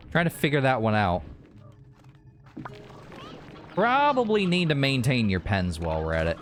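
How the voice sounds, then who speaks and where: A man's voice: medium pitch, normal speed, faint music behind. A man hosting a gaming video, talking his game through casually and thinking aloud. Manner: relaxed, thinking aloud, with restarts and laughs.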